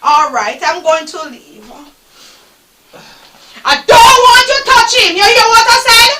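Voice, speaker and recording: A woman with a Jamaican accent playing a sharp-tongued widowed mother who scolds her son. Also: very high-pitched, very animated, measured pace, exaggerated voice. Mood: scolding. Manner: scolding, scornful. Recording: roomy, distant, faint noise.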